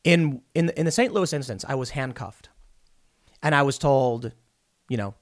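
A man's voice: medium pitch, normal speed, pauses often, no echo, clean studio sound. A man delivering a blunt, opinionated commentary monologue straight to his viewers, retelling events with acted-out dialogue. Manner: blunt, talks straight to the viewer with a personal take. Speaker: political commentator.

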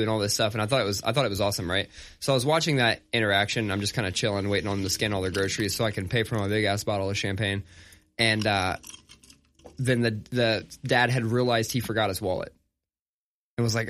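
This is a man in his thirties co-hosting a podcast, his voice fairly low and his pace fairly quick. In casual chat he tells stories with lots of animation and swears freely.

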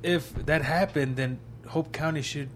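A man's voice: fairly high pitch, fairly even intonation, moderate pace, slight background noise. A man chatting casually about games, rambling and correcting himself. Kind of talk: casual gaming chat.

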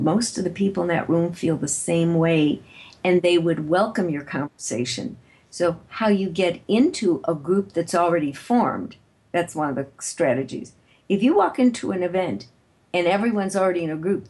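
A woman interviewed as a guest, explaining networking advice in a confident, brisk teaching manner. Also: fairly low pitch, darkish tone, breathy edge. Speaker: guest, networking author and speaker.

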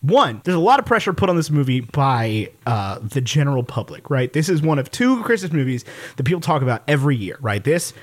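A man's voice: mid-range voice, very animated, fairly quick. A young man co-hosting a podcast, bantering playfully in casual movie review chat. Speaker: podcast co-host.

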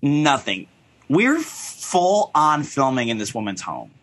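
A man's voice: mid-range voice, very animated, slow pace. A man co-hosting a casual gossip podcast, chatty and campy, full of 'like' and slang. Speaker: podcast co-host.

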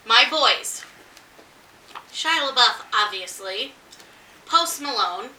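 A tipsy, giggly woman co-hosts a casual chat at home. Her voice is very bright and a little high. She sits a bit back from the mic, with faint room noise behind her. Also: slow, echoey room, recorded from a distance, poor audio. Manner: giggly, excitable, swearing. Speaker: co-host.

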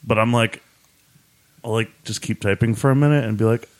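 A man's voice: lowish voice, steady tone, fairly quick. A man co-hosting a podcast, chatting casually in a joking, rambling way with lots of filler words. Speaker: podcast co-host. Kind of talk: casual banter.

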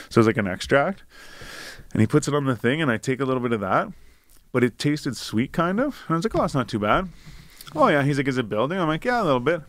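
A man's voice: mid-range voice, dry recording. Profane, rambling young man, dry sound. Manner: rambling, profane, animated anecdote-telling. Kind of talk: casual chat, storytelling.

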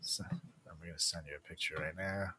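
A man's voice: sits low, moderate pace, slight background noise. A young man co-hosting a podcast, chatting casually and laughing often. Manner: laughs often, animated, swings between quiet and loud. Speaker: podcast co-host. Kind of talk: casual chat.

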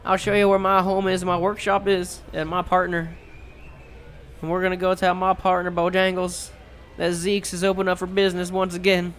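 A man voicing a grieving old male dwarf mechanic who talks roughly and swears, in a tabletop role-play. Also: high voice, completely flat delivery, moderate pace, fairly bright tone, pitched above the performer's own voice. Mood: determined.

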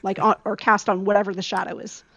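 A woman's voice: mid-range voice, level tone, fast talker, a bit bright, no echo. A woman playing a tabletop game, playful and groaning at setbacks. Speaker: player. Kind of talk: casual tabletop play.

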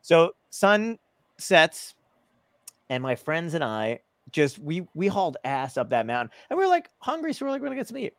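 A man's voice: a little high, sing-song, moderate pace, fairly bright tone, dry recording, studio quality. A man telling a rambling, profane story in casual chat, laughing often as he goes. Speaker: podcast guest.

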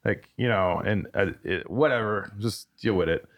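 Male podcast guest, deep-ish voice, candid and profane, loose rambling delivery. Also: normal speed, lo-fi sound. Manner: rambling, profane, restarts his sentences. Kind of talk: candid storytelling.

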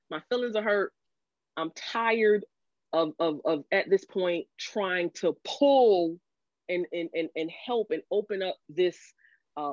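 A woman guest on a podcast telling the story of her marriage and divorce, emotional and halting, with many restarts, rising sharply when she quotes herself. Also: on the low side, dry recording. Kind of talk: candid storytelling about a marriage. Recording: dull lo-fi audio.

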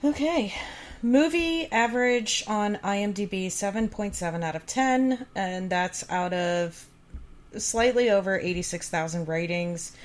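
A woman in her thirties co-hosting a podcast, reading out reviews and chatting in an even, measured way. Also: medium pitch. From United States. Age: 30s. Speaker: podcast co-host. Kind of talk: casual chat, reading reviews aloud.

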